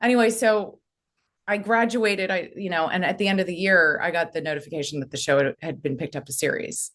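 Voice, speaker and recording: Woman from the US, somewhat low voice, casual interview storytelling, rambling, many fillers. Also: fairly quick, a bit bright. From United States. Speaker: actress, podcast guest.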